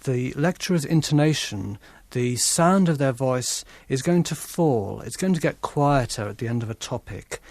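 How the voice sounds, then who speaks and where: A man's voice: medium pitch, a little mellow, no echo. A man explaining lecture structure in a thoughtful, explanatory way, acting out his examples with his own voice. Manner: thoughtful, explanatory, demonstrates his points aloud. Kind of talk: interview explanation.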